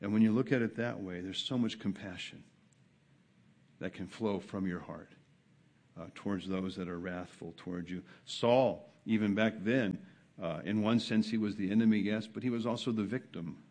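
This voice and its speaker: A man preaching a sermon at a church service. He drops to a quiet, low murmur, then rises high and loud, and repeats words to drive each point home. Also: fairly even intonation, normal speed. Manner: impassioned preaching, swings from soft to loud, repeats phrases for emphasis. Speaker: pastor.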